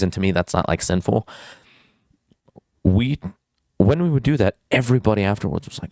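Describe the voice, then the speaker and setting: Young guy ranting self-help advice, deep voice, swears a lot, says like constantly, dry room. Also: moderate pace, pauses often, darkish tone, no echo. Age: young adult. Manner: blunt and crude, fillers like "like"; jumps between tangents. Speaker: self-improvement vlogger. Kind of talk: casual advice monologue.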